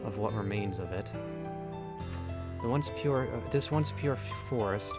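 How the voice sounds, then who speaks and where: A man reading the lines of an older, sorrowful village elder in a video game, measured and plain. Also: lowish voice, close to an everyday voice. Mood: grave. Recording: game music underneath. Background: game music.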